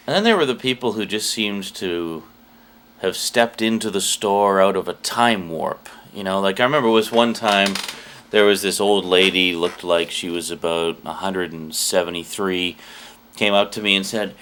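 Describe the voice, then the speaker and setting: A man's voice: deep voice, normal speed, fairly bright tone, a little hiss or hum. A man hosting his channel, telling comic customer-service stories and acting out the people in them. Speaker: channel host.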